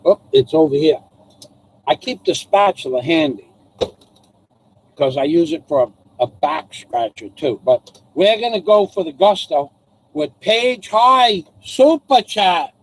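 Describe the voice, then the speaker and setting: An older man hosting a live stream, rambling in a theatrical, self-mocking way with loud outbursts. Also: high voice, animated, measured pace, low-quality recording.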